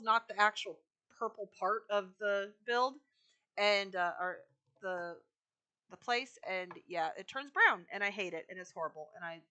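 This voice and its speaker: A woman's voice: mid-range voice, bright, forceful tone. A woman live streaming a video game, chatting casually with her viewers while she decorates.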